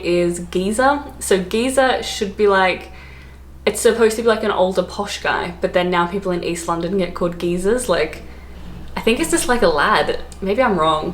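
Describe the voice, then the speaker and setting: A young Australian woman vlogging from home, chatty and playful as she explains words one by one. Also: medium pitch. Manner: chatty and playful, laughing between points. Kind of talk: casual explainer vlog. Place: home during lockdown. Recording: echoey room, faint background hiss.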